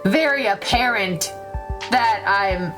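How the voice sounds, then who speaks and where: A woman's voice: medium pitch, takes it slowly, music in the background. A woman streaming a visual novel, giggling and joking as she reads choices aloud in a casual, playful way. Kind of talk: casual let's-play commentary.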